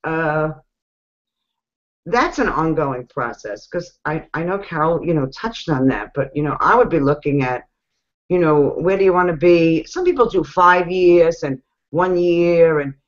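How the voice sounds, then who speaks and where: A woman with a New York accent giving casual coaching advice, chatty and animated, laughing often. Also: deep voice, a little slow. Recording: dull lo-fi sound.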